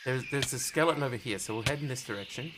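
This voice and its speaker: A man's voice: medium pitch, very fast, heavy background noise. A man live-streaming a game, chatting casually and jokily with his viewers as he plays. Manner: rambling, jokey, chatty with viewers. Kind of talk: casual live-stream chat while playing.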